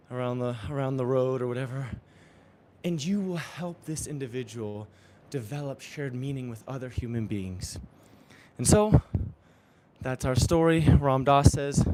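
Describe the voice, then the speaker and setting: A man's voice: mid-range voice, a little mellow, a little hiss or hum. A man exercising during a live-streamed motivational talk, earnest and affirming, often chuckling. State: exercising while talking. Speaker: spiritual coach.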